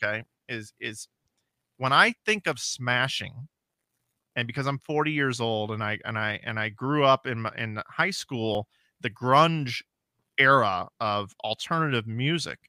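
Bright-voiced man in his forties, rambling. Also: mid-range voice, measured pace, dry recording. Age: 40s. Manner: rambling, self-deprecating storyteller with many restarts. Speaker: podcast co-host. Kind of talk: casual chat.

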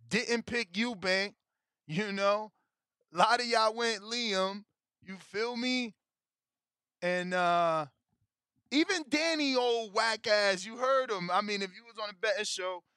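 A man rants about boxing in loose, slang-heavy talk full of swearing. His voice sits high and comes across bright and forceful. The sound is dry and close, with no room around it. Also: no echo. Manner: profane, emotional slangy ranting. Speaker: boxing show host. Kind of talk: casual chat about betting and fights.

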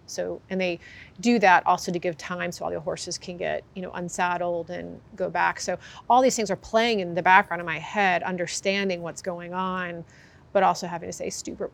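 A woman's voice: on the low side, gravelly. A woman horse trainer being interviewed, telling her story candidly and acting out what people said. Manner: candid storytelling, acts out quotes. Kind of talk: conversational interview.

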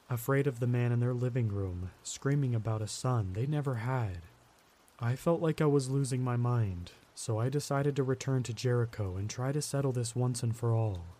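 A man narrating a first-person horror story in a steady, grim storytelling manner. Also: medium pitch.

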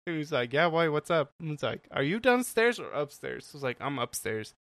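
A man's voice: a little high, lively intonation, brisk, a bit bright, dry recording. A young man telling a story on a casual podcast chat, rambling with lots of "like" fillers and frequent laughs. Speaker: podcast co-host.

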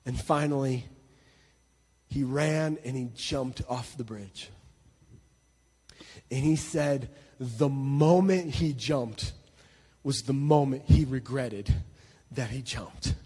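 A man preaching a sermon, telling a story with heavy repetition and sudden drops from loud to hushed. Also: mid-range voice, slow pace, pauses often, slightly rough, in a large hall. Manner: emphatic, repeats words, swings between loud and hushed. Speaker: pastor. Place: church hall.

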